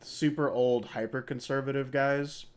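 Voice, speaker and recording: A man's voice: mid-range voice, steady tone, a little slow, clear, resonant tone. A man, co-hosting a podcast and making wry jokes in casual chat. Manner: wry, joking. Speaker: podcast co-host.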